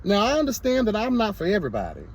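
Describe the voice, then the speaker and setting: A man's voice: high voice, wildly swooping pitch, rapid-fire. A man vlogging his commentary in a sassy, emphatic rant, full of repeated exclamations. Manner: sassy, emphatic, repeats "girl" and "hello, God". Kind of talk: candid to-camera rant.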